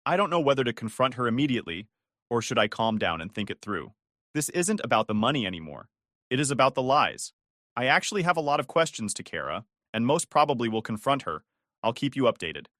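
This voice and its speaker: A man's voice: mid-range voice, big pitch swings, brisk, a bit bright, no room sound, studio quality. A male text-to-speech voice narrating a first-person family drama story.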